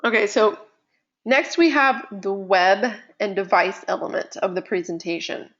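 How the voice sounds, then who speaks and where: Animated woman teaching, dull stream audio. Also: medium pitch. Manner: animated, conversational, uses deliberate pauses and vocal dynamics. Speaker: presentation skills instructor. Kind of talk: live online lecture.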